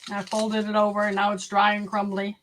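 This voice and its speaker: A woman's voice: medium pitch, monotone, a little fast, fairly bright tone. A woman hosting a casual livestream, chatting directly with her viewers. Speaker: homestead livestream host. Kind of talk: casual live-stream chat.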